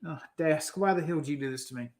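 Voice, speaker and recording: A man's voice: on the high side, fast, close to an everyday voice. A man playing a dry, weary woman dealer.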